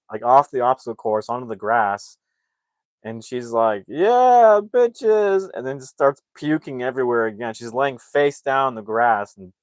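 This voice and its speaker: A man's voice: mid-range voice, no echo. A man casually retelling a movie's plot, rambling with lots of fillers and acting out the characters' lines. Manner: rambling, filler-heavy, acts out quotes. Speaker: movie reviewer.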